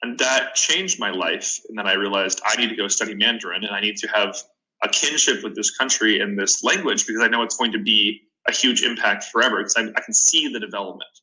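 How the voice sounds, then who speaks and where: A man's voice: lowish voice, brisk, sharp tone, rough recording. A man in his twenties, a podcast guest and startup founder, giving earnest advice in a casual interview, often restarting his sentences. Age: 20s.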